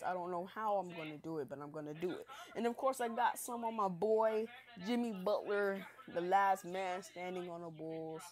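A woman's voice: fairly low pitch, fairly even intonation, normal speed, few pauses. A young woman hosting a casual gameplay video, chatty, hyped and self-mocking after staying up all night. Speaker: gaming channel host.

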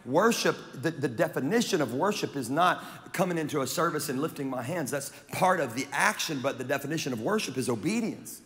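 A man from Louisiana preaching a sermon as pastor, animated and joking, with crowd banter. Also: a little high, fairly quick, few pauses. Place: large church auditorium. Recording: long reverb of a large hall.

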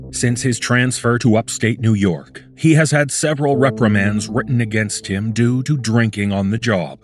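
A man narrating a horror story in a measured, documentary-like scripted voice. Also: lowish voice.

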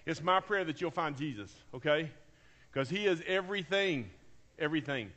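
A high-voiced man preaches to his church congregation. He talks with excitement and emotion, saying key phrases twice over for emphasis. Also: moderate pace. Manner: enthusiastic, emotional, repeats phrases. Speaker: pastor. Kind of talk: sermon. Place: church sanctuary.

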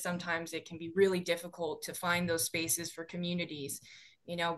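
A woman's voice: lowish voice, a bit bright. A woman, an advocate sharing earnest reflections in a workshop, with lots of fillers. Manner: earnest, uses many fillers. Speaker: advocate and prevention coordinator. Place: conference workshop room.

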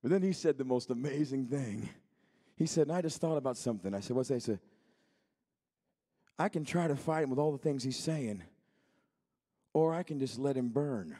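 A man in his thirties preaching a sermon in a church, moving between quiet storytelling and shouted, fervent preaching. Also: mid-range voice, lively intonation, normal speed, long pauses. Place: church sanctuary.

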